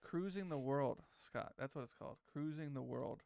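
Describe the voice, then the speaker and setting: Podcast co-host, male, gravelly but clear, close dry mic, rambling casual chat. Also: medium pitch, moderate pace, a little mellow, no room sound. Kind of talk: casual movie-breakdown chat.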